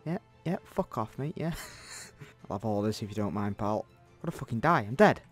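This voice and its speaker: A man's voice: on the low side, expressive, moderate pace, faint music behind. A man co-hosting a gaming video, cocky and hyped, swearing as he commentates. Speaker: gaming co-host. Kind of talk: live gameplay commentary.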